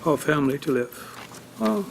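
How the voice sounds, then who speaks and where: A man testifying at a tax appeal hearing, halting and full of fillers as he grows emotional telling his story. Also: a little high, animated, creaky, noisy background. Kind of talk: unscripted testimony.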